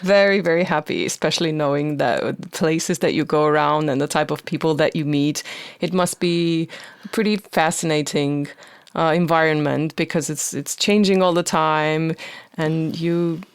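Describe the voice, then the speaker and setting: A woman's voice: low-pitched, normal speed, smooth, no room sound, studio quality. A woman hosting a casual podcast chat, playful and teasing with her guest. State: hot and sweaty. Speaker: podcast host.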